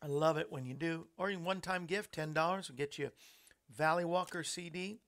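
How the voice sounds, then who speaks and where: A man's voice: fairly high pitch, brisk, fairly bright tone. A man hosting a talk show, chatting in a rambling way and laughing at his own jokes. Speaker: host.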